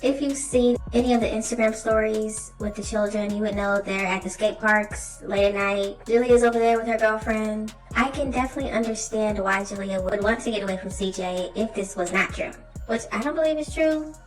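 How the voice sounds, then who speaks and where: A woman's voice: mid-range voice, brisk, reverberant, recorded from a distance, faint music behind, rough recording. A woman hosting a reaction video, giving her opinions directly to viewers. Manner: opinionated, talks straight to viewers. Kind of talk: commentary on a drama clip.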